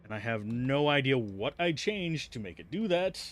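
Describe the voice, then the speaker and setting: A man's voice: mid-range voice, big pitch swings, normal speed, faint music behind. A man livestreaming a video game, chatting in a rambling, casual way and swearing now and then when something annoys him. He talks from his desk at home. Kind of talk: casual gameplay commentary. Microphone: close mic with earbuds at a PC.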